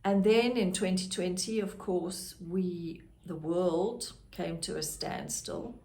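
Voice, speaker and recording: A woman's voice: fairly low pitch, takes it slowly, darkish tone. A middle-aged woman, a podcast host candidly telling her personal story in a reflective way. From South Africa. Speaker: podcast host, grief guide.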